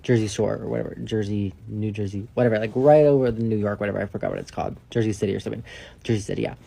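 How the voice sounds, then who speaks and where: Gravelly rambling man telling a story. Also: on the low side, steady tone, rapid-fire. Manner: rambling, profane, heavy use of "like"; drops to a hushed whisper for asides. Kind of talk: casual storytime.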